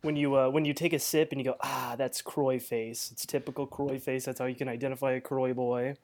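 A man's voice: medium pitch, flat delivery, quick pace, a little mellow. A man co-hosting a podcast in casual chat, laid-back and rambling with lots of fillers. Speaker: podcast co-host.

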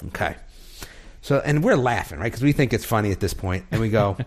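A man's voice: lowish voice, expressive, brisk. A man on a casual podcast telling a story with lots of energy, acting out the voices of the people in it and laughing often.

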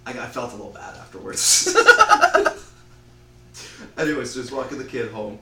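A man casually retelling an invented movie plot, rambling and slipping into quick voices for the characters. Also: medium pitch, pushed and bright, roomy sound, far from the mic, rough recording.

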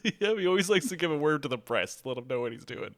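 Animated laughing man reviewing a movie. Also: a little high, fast talker. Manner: animated, laughs often, bursts into shouted impressions of movie lines. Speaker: podcast co-host. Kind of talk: casual movie review chat.

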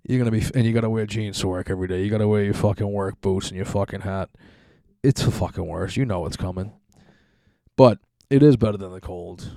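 A man's voice: fairly low pitch, fast, vocal fry, warm tone, dry recording, studio quality. A young man hosting a podcast, ranting casually with lots of swearing and laughter. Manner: profane, rambling, laughing complaints. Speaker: podcast host. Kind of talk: casual profane podcast rant.

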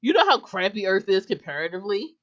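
A woman's voice: medium pitch, big pitch swings, fast, highs cut off. A woman co-hosting a casual podcast chat, talkative and giggly, full of filler words. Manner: chatty, giggly, lots of "like" fillers. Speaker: podcast co-host.

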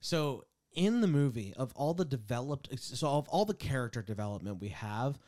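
A man's voice: medium pitch, normal speed. Guy on a podcast retelling a movie scene by scene, does little silly voices for the characters. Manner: animated retelling with playful quoted voices. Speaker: podcast co-host. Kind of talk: casual chat recapping a movie.

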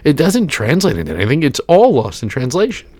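Congested man, lively rambling chat. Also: on the high side, fairly quick, dry recording. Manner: rambling, animated storytelling with many fillers. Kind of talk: casual chat.

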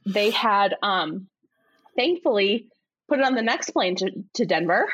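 A woman telling a story in casual conversation, slipping into high imitated voices and laughing as she goes. Her voice is a little husky and the sound is dry and somewhat dull, like a modest home recording. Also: lively intonation, a little slow, a bit bright, dry recording. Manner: laughs often while telling. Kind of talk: casual chat.

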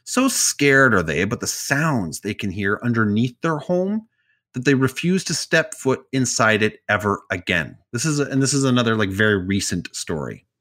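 A man's voice: medium pitch, big pitch swings, moderate pace, fairly bright tone. A man co-hosting a podcast, casually retelling strange news stories with asides and jokes. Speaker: podcast co-host telling stories. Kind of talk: casual storytelling chat.

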